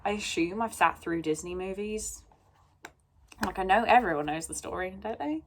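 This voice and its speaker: A woman's voice: medium pitch, expressive, normal speed, slight background noise. A young woman vlogging casually about her reading, rambling with lots of ums and a bit sneezy. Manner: chatty, rambling with many ums. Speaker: book vlogger. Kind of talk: casual chat.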